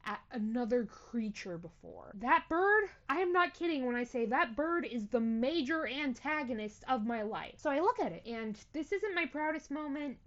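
A woman's voice: sits high, muffled recording. A young adult woman hosting a podcast, telling a story in a casual, playful, self-mocking way. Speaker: podcast host.

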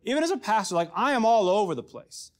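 Conversational male pastor, slightly high voice. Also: very animated, fast. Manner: conversational, self-deprecating, drops to hushed emphasis. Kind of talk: sermon.

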